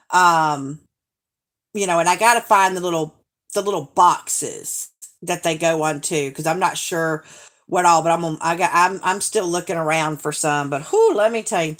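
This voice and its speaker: A woman with a Southern accent chats on a live stream, answering viewers in a gushing, friendly way. She talks slowly and draws out her words. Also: fairly low pitch, a bit bright. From Alabama, US. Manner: chatty, gushing, drawn-out Southern talk. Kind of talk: casual live stream chat reading viewer comments.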